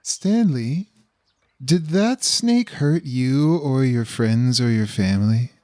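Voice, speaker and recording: A man's voice: mid-range voice, lively intonation, slow pace, a little mellow, dry recording. A man taking part as a player in a tabletop role-play, asking pointed questions.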